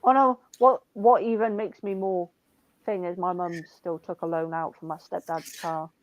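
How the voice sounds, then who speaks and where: A woman's voice: fairly low pitch, steady tone, normal speed, rough recording. A young woman in casual chat, telling rambling family stories full of swearing and "I'm like".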